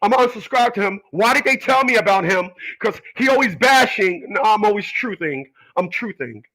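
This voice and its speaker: Heard on a low-quality recording, a man with a high-pitched, sharp voice speaks a little fast with lively intonation. As host of his own channel, he offers opinions in a casual monologue that rambles, preaches and confronts, restarting and repeating as he argues with imagined people.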